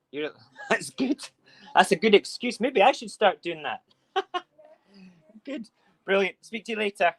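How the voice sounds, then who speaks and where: A man's voice: sits high, sing-song, a little slow, long pauses. Chatty man hosting a live stream. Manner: chatty, rambling, talks to viewers while cooking. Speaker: live-stream morning show host. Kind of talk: casual live-stream chat.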